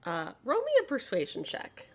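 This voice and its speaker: A woman narrating a tabletop game as game master, relaxed and hesitant with many fillers. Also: mid-range voice, normal speed, husky.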